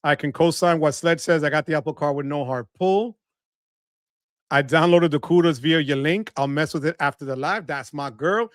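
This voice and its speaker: A middle-aged man, hosting a casual livestream, reading out viewer comments in an animated, playful way. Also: fairly high pitch, normal speed, pauses often, no room sound, studio quality. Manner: animated, playful, shouts catchphrases. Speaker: livestream host.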